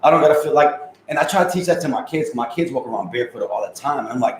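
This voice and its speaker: A man's voice: mid-range voice, fast talker, few pauses, roomy sound, a little hiss or hum, rough recording. Profane, laughing man streaming casually. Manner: loose, profane, laughing, talks in street slang. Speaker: livestream host reading viewer comments. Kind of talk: casual live-stream chat.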